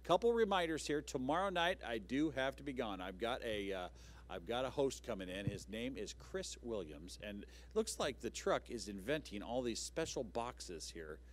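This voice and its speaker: A man's voice: fairly low pitch, big pitch swings, moderate pace. A man hosting a live local TV talk show in a studio, chatty and upbeat with loose, rambling asides.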